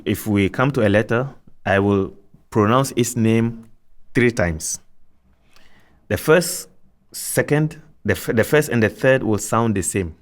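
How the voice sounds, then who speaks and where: Man, lowish voice, patient alphabet teacher, slow deliberate repetition. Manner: patient, repeats letter names slowly, many restarts. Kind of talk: slow, deliberate tutorial instruction.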